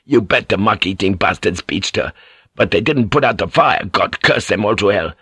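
A man's voice: lowish voice, expressive, normal speed, fairly bright tone, slightly rough, no echo, clean studio sound. A man voicing a coarse, bitter male sailor who whines and curses in an audiobook. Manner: whining, cursing, complaining.

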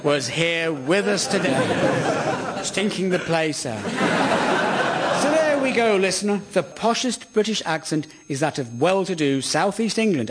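A man hosting a radio comedy show before a live audience, with a wry, deadpan delivery. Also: a little high. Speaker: comedian and host. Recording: audience laughter and noise.

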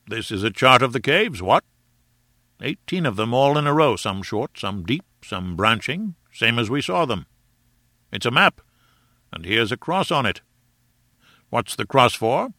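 A man voicing a brisk, practical aristocratic adventurer who talks in a hearty, clipped way. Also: medium pitch, sharp tone, no room sound, clean studio sound, heavily acted.

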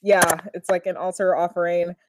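A woman's voice: fairly low pitch, moderate pace, no echo. Giggly young woman gushing in a dry recording. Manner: laughs often, animated, gushing. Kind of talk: casual chat recapping a TV episode.

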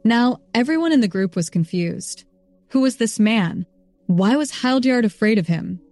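A woman narrating a story in an even, steady reading voice. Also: fairly high pitch, normal speed, dry recording, clean studio sound, faint music behind. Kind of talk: scripted narration.

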